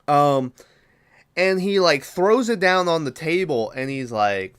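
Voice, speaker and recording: A man's voice: a little high, animated, takes it slowly, clear, resonant tone. Rambling, foul-mouthed male podcast host. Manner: rambling, profane, loses track and backtracks. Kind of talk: casual movie recap.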